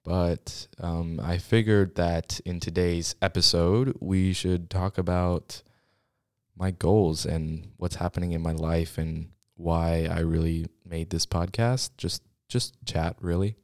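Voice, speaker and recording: A man's voice: low voice, steady tone, slow, no echo. A young man hosting his own podcast from a school studio, chatting casually and rambling, often running out of breath as he talks. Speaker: podcast host. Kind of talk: casual solo podcast chat. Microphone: studio microphone.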